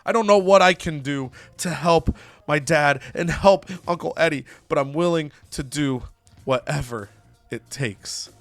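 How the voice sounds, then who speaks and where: Animated young man narrating a game. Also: a little high, a little slow, dry recording, faint music behind. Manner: animated storyteller. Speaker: gaming host. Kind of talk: narrating a wrestling game playthrough.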